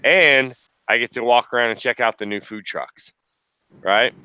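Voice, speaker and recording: A man talking casually on a podcast, rambling loosely and swearing freely. His voice is bright and crisp, recorded close and dry with no room sound. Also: mid-range voice, moderate pace, no room sound, low-quality recording. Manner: chatty, profane, rambling with fillers. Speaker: podcast co-host, market vendor.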